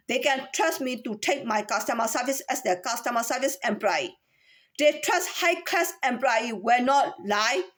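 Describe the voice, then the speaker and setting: A woman's voice: high-pitched, fairly bright tone. A woman giving a lecturing monologue as a voice coach, repeating herself insistently and switching between voices to demonstrate them. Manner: demonstrates different speaking voices in a repetitive, insistent way.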